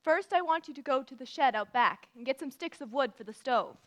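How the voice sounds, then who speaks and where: A woman playing a stern, no-nonsense older farm woman who speaks in a brisk, commanding way, in a live stage musical. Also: high voice, lively intonation, a bit bright. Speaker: stage actor in a youth musical.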